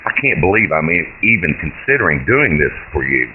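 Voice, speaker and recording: Jittery young great-grandson in a story reading, a man doing him, low voice, phone-line sound, hiss. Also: sing-song, brisk. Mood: anxious. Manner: hesitant, earnest.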